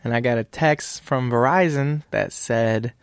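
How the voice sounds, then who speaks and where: A man's voice: mid-range voice, measured pace, clean tone, no echo, clean studio sound. Laughing man telling stories on a podcast. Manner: storytelling, laughs often. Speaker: podcast co-host. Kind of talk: casual chat.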